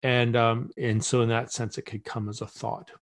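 A man's voice: mid-range voice, level tone, moderate pace. A middle-aged man as a podcast guest, telling a story in casual conversation and acting out the voices he quotes, with many restarts.

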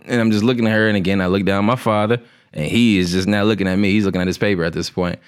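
A man casually telling a funny personal story, profane and animated with laughing asides. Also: lowish voice, very fast, smooth.

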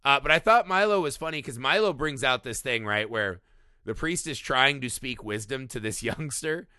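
A man co-hosting a podcast, chatting casually about a film, animated and profane, laughing often. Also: mid-range voice, moderate pace, clear, resonant tone, no echo, clean studio sound. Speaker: podcast co-host.

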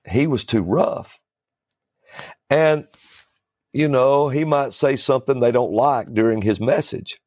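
A man's voice: medium pitch, a little mellow, no room sound, studio quality. A man who is a preacher, telling a folksy story in a casual talk-show chat. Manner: fiery and preachy, then folksy anecdote-telling.

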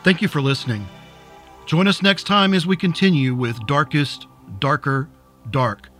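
Male storyteller and host; measured, deliberate, slightly higher voice. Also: fairly bright tone, soft background music. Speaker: narrator and host. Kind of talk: scripted story narration.

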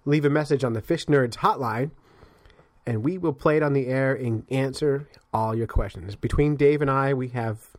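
A man co-hosting a podcast, telling stories in casual chat, animated and laughing often. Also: medium pitch, moderate pace, dry recording, clean studio sound. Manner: animated storyteller, laughs often, acts out sounds. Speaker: podcast co-host.

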